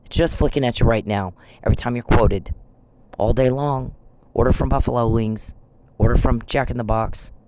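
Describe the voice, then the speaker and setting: A man's voice: mid-range voice, darkish tone, rough recording. A man vlogging, speaking in a confrontational, accusing way straight to someone he blames. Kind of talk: monologue video addressing an absent person.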